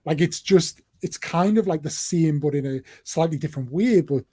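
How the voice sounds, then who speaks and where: Husky, higher-voiced man, casual chat. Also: moderate pace, mellow.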